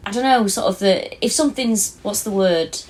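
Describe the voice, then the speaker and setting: A woman's voice: medium pitch, normal speed, a little mellow, a little hiss or hum. A woman, cohosting a comedy podcast and telling stories animatedly with lots of laughter and swearing. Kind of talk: casual chat.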